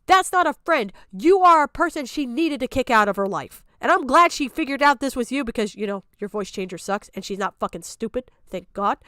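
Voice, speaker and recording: A woman's voice: fairly high pitch, lively intonation, fairly quick, few pauses, bright, forceful tone, clear, resonant tone, no room sound. A young woman streamer ranting heatedly on stream, swearing and hammering the same point again and again. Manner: heated, profane, repeating her points. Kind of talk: angry reaction rant.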